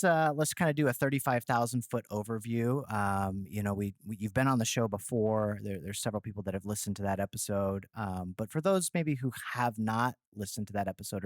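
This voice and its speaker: A man's voice: on the low side, dry recording, clean studio sound. A Midwestern American man hosting a podcast, talking enthusiastically with lots of fillers and slang. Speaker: podcast host. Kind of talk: casual podcast chat.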